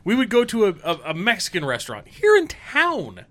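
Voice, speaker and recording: A man telling stories in casual podcast chat, profane and animated. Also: sits high, brisk. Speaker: podcast co-host. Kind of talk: casual storytelling.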